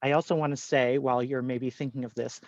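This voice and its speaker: A man's voice: mid-range voice, fairly even intonation, fast, a little mellow, no echo, dull audio. A man hosting a panel discussion, speaking earnestly and laughing often over a video call. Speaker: host.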